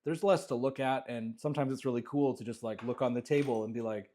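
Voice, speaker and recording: A man's voice: medium pitch, fast talker, few pauses. Casual man touring his jewellery workshop. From Canada. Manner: relaxed, rambling, many fillers and restarts. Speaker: jewellery maker giving a studio tour. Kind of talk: casual walkthrough vlog. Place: small home jewellery workshop.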